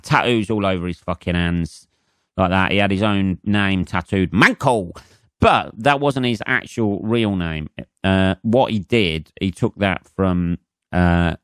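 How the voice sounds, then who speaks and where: A man in his forties with an English accent, a comedian, hosts his own podcast in a rambling, profane monologue full of fillers and restarts. His voice is low and a bit bright, and the studio sound is clean with no echo.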